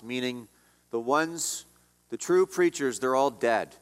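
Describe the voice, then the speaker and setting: A man's voice: medium pitch, takes it slowly, smooth, big-room sound. A man preaching a sermon as pastor, emphatic and repetitive, often dropping his voice on key lines.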